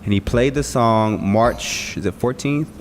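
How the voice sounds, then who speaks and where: A man's voice: mid-range voice, unhurried. A young man co-hosting a casual podcast, goofy, laughing often and swearing freely. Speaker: podcast co-host. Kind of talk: casual chat. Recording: long hall reverb, faint room noise.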